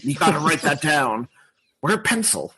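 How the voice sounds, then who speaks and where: A man doing Cookie Monster, greedy and gruff. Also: a little high, normal speed, background noise. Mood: greedy excited. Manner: gruff, excited, broken "me" grammar. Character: greedy cookie-craving blue monster, childish grammar.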